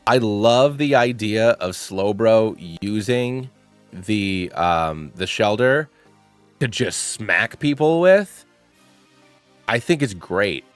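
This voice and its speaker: Young male host, lowish voice, playful rambling commentary, dry close mic. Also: lively intonation, takes it slowly, no room sound, faint music behind. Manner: rambling, playful, thinks aloud with fillers. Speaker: channel host. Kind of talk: casual gaming commentary.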